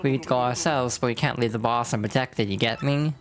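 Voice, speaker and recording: A woman voicing a gruff male mobster goon in a game, talking in tough-guy slang. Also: very deep voice, a little fast.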